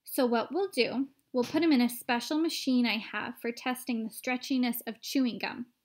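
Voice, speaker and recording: A woman's voice: a little high, steady tone, moderate pace, natural voice. A woman voicing a cheerful, eccentric bearded candy maker with a breezy, offhand manner, in a storybook read-aloud.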